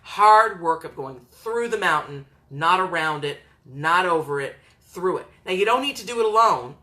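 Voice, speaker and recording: A woman's voice: lowish voice, animated, moderate pace, bright, forceful tone. A woman psychotherapist and coach giving an earnest, encouraging talk, sometimes acting out the voices she quotes. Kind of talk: motivational talk to camera.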